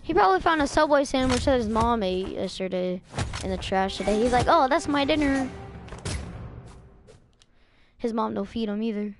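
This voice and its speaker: A woman streaming a video game at home, talking casually and excitably, trash-talking her opponent with frequent loud outbursts. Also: on the high side, a little fast. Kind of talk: casual live-stream commentary while gaming. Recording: background music over voice. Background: music playing.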